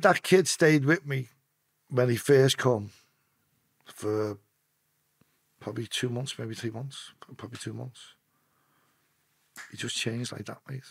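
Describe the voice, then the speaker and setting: A man's voice: medium pitch, steady tone, measured pace, long pauses, husky, no room sound. A man with a Liverpool accent, telling blunt, profanity-laced stories as a podcast guest and often restarting his sentences. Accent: Liverpool (Scouse). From Liverpool, England. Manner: blunt, heavy swearing, restarts mid-sentence. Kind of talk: casual storytelling.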